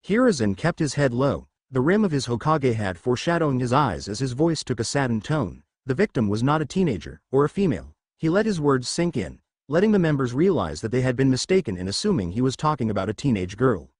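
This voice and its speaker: Lively male story narrator, dry sound. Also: mid-range voice, fairly quick, hardly any pauses, no echo. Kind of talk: fan fiction reading.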